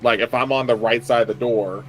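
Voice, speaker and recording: A man's voice: mid-range voice, steady tone, a little fast. A man playing a tabletop game, rambling with many fillers and restarts as he plans his character's moves. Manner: rambling, full of likes and restarts. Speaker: player. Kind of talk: casual tabletop play.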